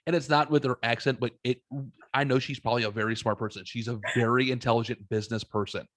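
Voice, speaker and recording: A man's voice: mid-range voice, fairly even intonation, fast talker, a bit bright, dry recording, clean studio sound. A man hosting a casual podcast chat, blunt and joking, with lots of profanity and emphatic restarts. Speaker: podcast host.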